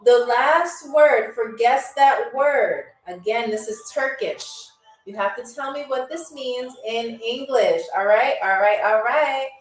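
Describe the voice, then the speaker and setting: A woman hosting a live-streamed trivia game. She is chatty and playful, and she repeats foreign words slowly for her viewers. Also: a little high. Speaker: game show host. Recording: echoey room, distant from mic, faint music.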